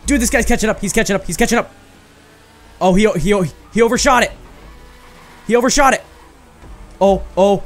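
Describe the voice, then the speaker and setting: A young man giving casual, profane let's-play commentary with loud outbursts and fast rambling. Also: high voice, soft background music. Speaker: gaming YouTuber.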